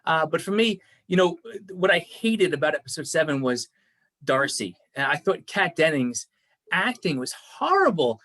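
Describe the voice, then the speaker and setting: A man co-hosts a casual review podcast, his voice bright and a little high. He rambles, restarting and repeating words as he gathers his thoughts. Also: sing-song, moderate pace. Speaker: podcast co-host reviewing a series. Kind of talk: casual chat.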